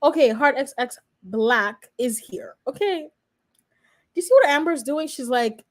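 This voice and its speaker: A woman's voice: high-pitched, expressive, a little slow. A woman in her twenties, a law student reacting live and chatting straight to her viewers. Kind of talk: live reaction stream commentary.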